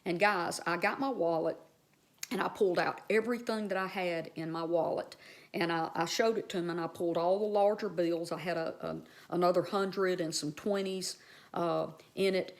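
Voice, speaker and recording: A woman's voice: on the low side, steady tone, moderate pace. A woman vlogger telling a personal story in a casual, heartfelt, rambling way, speaking straight to her viewers.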